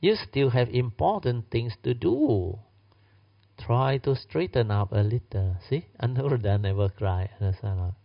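A man's voice: mid-range voice, expressive, measured pace, creaky. A man teaching a Buddhist storytelling sermon in non-native English phrasing, acting out the dialogue and often adding tag questions. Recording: dull lo-fi recording.

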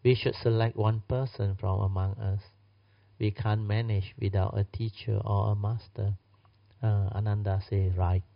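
A man delivers a storytelling sermon in non-native English, voicing the figures' lines and tossing in tag questions. His voice sits a little low. The recording is dull and lo-fi. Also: normal speed, vocal fry. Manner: lively storytelling, acts out dialogue, frequent tag questions. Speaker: Buddhist teacher.

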